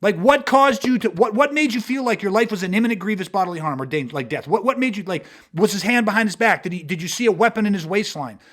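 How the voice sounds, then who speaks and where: Male instructor, higher pitch, blunt and profane, podcast chat. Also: expressive, fast talker, few pauses, fairly bright tone. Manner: blunt, profane, emphatic, uses hypothetical street scenarios. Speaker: martial arts instructor. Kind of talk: podcast conversation.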